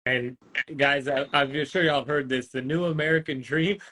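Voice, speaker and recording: A man co-hosting a casual livestream, chiming in with low-key, agreeable remarks. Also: steady tone, moderate pace, pushed and bright, a little hiss or hum. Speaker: livestream co-host.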